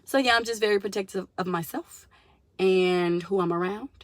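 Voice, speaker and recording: A young woman telling a story to her viewers in a casual, animated vlog, addressing them as y'all. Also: mid-range voice, moderate pace, dry recording. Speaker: vlogger.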